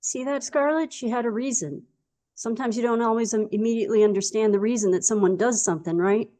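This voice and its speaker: A woman's voice: on the high side, fast, mellow. A woman playing a tabletop role-playing game, talking in character in an earnest, rambling way full of fillers. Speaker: player.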